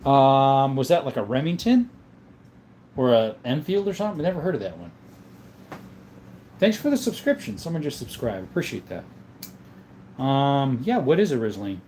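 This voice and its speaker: A man with an ordinary mid-range voice hosts a relaxed livestream and chats his way through viewer comments. His talk is loose and unhurried, full of small thank-yous. A faint noise sits under the recording. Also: mid-range voice. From Southern Arizona. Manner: relaxed, reads viewer comments aloud and answers them. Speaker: livestream host. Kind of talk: casual livestream chat.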